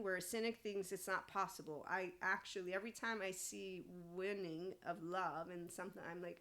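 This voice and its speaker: A woman's voice: lowish voice, steady tone, normal speed, few pauses, sharp tone. A woman hosting a spiritual self-help podcast, talking in a blunt, opinionated monologue and swearing freely. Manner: reads an AI answer aloud and responds to it. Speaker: podcast host.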